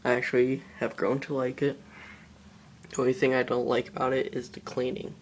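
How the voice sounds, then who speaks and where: A man casually showing off a household fan in his apartment, talking in a relaxed, rambling way. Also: medium pitch, brisk, slight background noise. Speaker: video maker showing a fan. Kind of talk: casual product show-and-tell. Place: small apartment.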